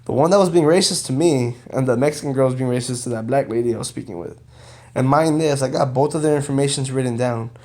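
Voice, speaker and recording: Young adult man, casual vlog storyteller, animated retelling with slangy asides. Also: mid-range voice, fast talker. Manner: animated retelling, quotes others, frequent "bro" and "you know". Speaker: vlogger telling a personal story.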